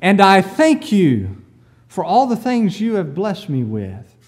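A man's voice: sits high, huge pitch swings, takes it slowly, darkish tone, voice pushed down, full character voice. A man voicing a proud, self-righteous male churchgoer boasting in prayer. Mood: smug pious.

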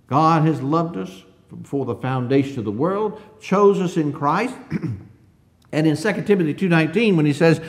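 Man, preacher, conversational sermon, rhetorical questions, slightly higher voice. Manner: reads scripture slowly and drawn out.

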